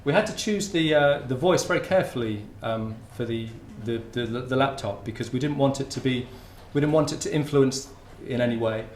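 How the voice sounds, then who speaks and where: A man's voice: medium pitch, a little fast, few pauses, a little hiss or hum. A man from Hertfordshire giving an informal conference talk, often restarting his sentences. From Hertfordshire, England. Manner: informal, with many restarts and fillers. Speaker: university researcher giving a talk. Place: lecture room. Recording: roomy lecture-room sound.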